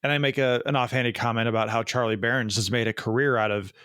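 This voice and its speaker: A man's voice: medium pitch, steady tone, quick pace, fairly bright tone, smooth, no room sound, studio quality. A man from the Midwest co-hosting a podcast from his basement, chatting casually in a sardonic, rambling way. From American Midwest. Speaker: podcast co-host. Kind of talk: casual chat. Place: home basement.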